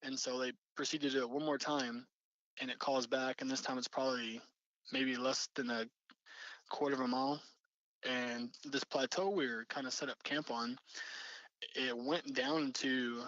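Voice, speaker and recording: A man's voice: medium pitch, steady tone, normal speed, fairly bright tone, no room sound, dull audio. A young man telling a story casually, rambling with lots of fillers and restarts. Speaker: storyteller recounting an encounter.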